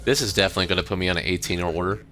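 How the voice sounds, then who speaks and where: A man's voice: deep voice, fairly even intonation, rapid-fire, a bit bright, faint music behind. An American man in his thirties, chatting on a stream, rambling with lots of fillers and swearing freely. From United States. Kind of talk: casual stream chat.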